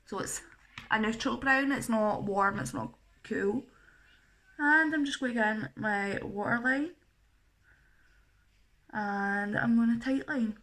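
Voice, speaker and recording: Young woman, casual tutorial host, bright, slightly high voice, self-deprecating chatter. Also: slow pace, pauses often. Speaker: makeup artist.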